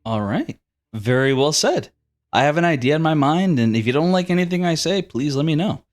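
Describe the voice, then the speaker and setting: Lively-pitched man running a tabletop game. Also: a little fast. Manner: descriptive, easygoing storytelling. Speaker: game master.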